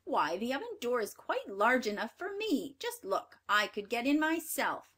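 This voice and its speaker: A woman's voice: on the high side, sing-song, normal speed, a bit bright, husky, voice pushed up, heavily acted. A woman voicing a cruel, greedy old witch in a storybook reading, sneering and barking harsh commands. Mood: scornful.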